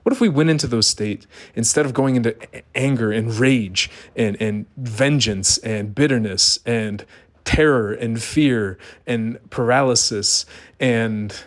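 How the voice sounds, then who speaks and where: A man's voice: medium pitch, a little slow. A middle-aged man giving an earnest, emphatic monologue, asking rhetorical questions. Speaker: vlogger. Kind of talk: personal monologue.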